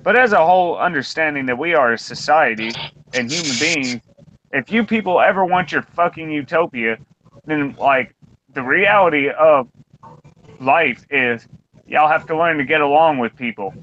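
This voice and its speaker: A man's voice: a little high, normal speed, a bit bright. A man in his twenties ranting bluntly and profanely in a casual round-table talk. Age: 20s. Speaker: podcast co-host. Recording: dull lo-fi recording.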